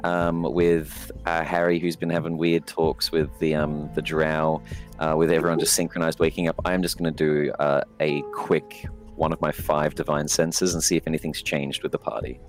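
Hesitant deep-voiced man playing a tabletop game. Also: level tone, normal speed, faint music behind. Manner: hesitant, many fillers, laughs easily. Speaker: player. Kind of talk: casual chat in a tabletop game.

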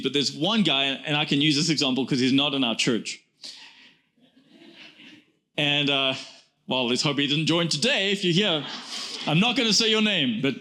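A man in his forties delivers a church sermon in a high, ringing voice. He hammers his points through repetition and keeps turning to the congregation with "guys.". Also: sharp tone. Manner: emphatic preaching, repeats phrases, addresses congregation as "guys". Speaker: pastor.

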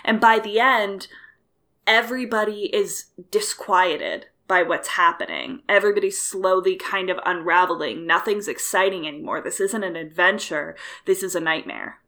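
A woman in casual conversation about films, animated and thinking aloud with frequent fillers. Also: mid-range voice, moderate pace. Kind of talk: casual film discussion.

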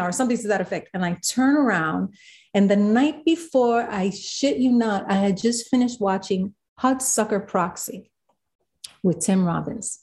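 A woman, a guest in an interview, telling a story with animated quoted voices. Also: mid-range voice, moderate pace. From South Bronx, New York. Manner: animated, acts out quotes of others.

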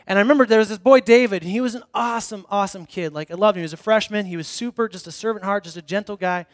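A man with a high voice preaches to his congregation in a loose, conversational way, circling back on his words and restarting sentences. He leans on wry, self-deprecating humor as he tells stories. The sound is close and dry, with almost no room echo. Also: very fast. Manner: casual storytelling with frequent restarts. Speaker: pastor. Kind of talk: conversational sermon. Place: church hall before a congregation.

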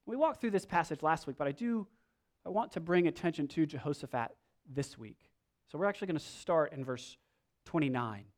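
Give me a man delivering a lively sermon, a pastor whose voice swings widely in pitch and sits a little high for a man. He reads scripture with drama and acts out the lines of the characters he quotes. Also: brisk. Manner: animated, dramatic reading with acted-out quotes.

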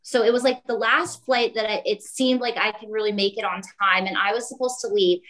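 A woman's voice: medium pitch, a little fast, rough recording. A woman, a guest on a talk show, telling a story in a casual way and acting out the people she quotes. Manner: animated, acts out quoted voices.

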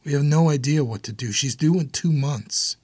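A man's voice: mid-range voice, moderate pace, slightly rough, no echo. A man voicing an anxious young husband and expecting father in an audiobook. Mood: tense.

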